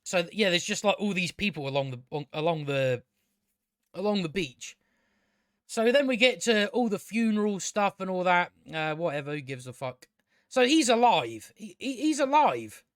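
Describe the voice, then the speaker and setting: Hosting his own channel, a man delivers a rambling, exasperated commentary on a TV show, full of profanity. His voice sits high and is expressive and fairly bright, at normal speed, in a studio-quality recording without room sound.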